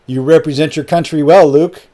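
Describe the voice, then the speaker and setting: A man's voice: a little high, steady tone, normal speed, mellow, close to an everyday voice. A man voicing a boastful, self-assured Brazilian host with a thick Brazilian accent in an audiobook. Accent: Brazilian (put on). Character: smooth-talking Brazilian male host, boastful. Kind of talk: audiobook character reading.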